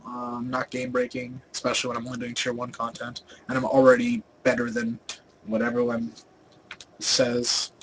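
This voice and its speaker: A young man narrates a game guide in a loose, rambling way, filling gaps with ums and restarting his sentences. His voice sits at an ordinary mid pitch and swings between louder and quieter stretches. Faint game ambience hums underneath. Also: a little hiss or hum, rough recording. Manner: rambling, many fillers and restarts; volume rises and falls a lot. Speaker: gaming video host. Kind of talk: casual game guide voice-over.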